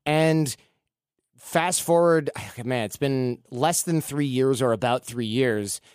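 A man's voice: mid-range voice, slow, darkish tone, clear, resonant tone, dry recording, studio quality. A man hosting a casual talk, giving advice through anecdotes and acting out what people said. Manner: storytelling, acts out quoted dialogue.

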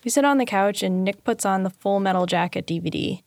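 A woman telling her own memoir as scripted first-person narration, candid, dry and deadpan. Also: medium pitch, fairly quick, slight background noise.

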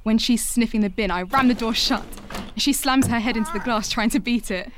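An actress narrating a radio drama as a young woman looking back on her family, in a slow, quiet, reflective first-person voice. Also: fairly high pitch, background noise, lightly acted. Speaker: lead narrator of an audio drama.

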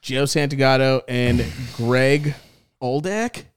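A man's voice: medium pitch, clean tone, dry recording, clean studio sound. A man hosting a podcast, chatting casually and swearing freely as he plays a trivia game. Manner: swearing, quick banter. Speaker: podcast host.

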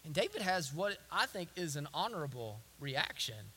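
A man's voice: a little high, sing-song, normal speed, hardly any pauses, sharp tone, breathy edge. A male pastor preaching a sermon in an emphatic style, repeating words and phrases for weight.

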